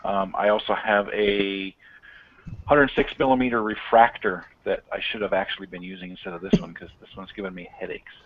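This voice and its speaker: A man speaks frankly about his gear and is quick to run it down. His voice sits low. It comes through thin and tinny, like a phone line. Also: steady tone. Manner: frank, self-deprecating. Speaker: amateur astronomer guest. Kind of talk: casual live-stream chat. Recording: tinny phone-like call audio.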